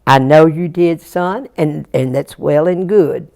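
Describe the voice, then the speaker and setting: A woman voicing a fond, patient country mother in a told folktale, scolding gently in a folksy drawl. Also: low voice, takes it slowly, creaky, exaggerated voice. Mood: explaining.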